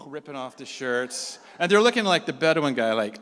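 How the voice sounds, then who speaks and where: A man's voice: mid-range voice, a little fast, hardly any pauses, smooth. A man telling a personal story to a live audience, acting out the voices of the people in it. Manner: animated, acts out the people he quotes. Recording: long hall reverb.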